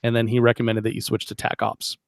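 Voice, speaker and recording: A man hosting a casual podcast interview, relaxed and chatty, reading out listener comments and asking long questions. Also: medium pitch, fast talker, vocal fry, no echo. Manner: relaxed, chatty, reads live chat aloud. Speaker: podcast host.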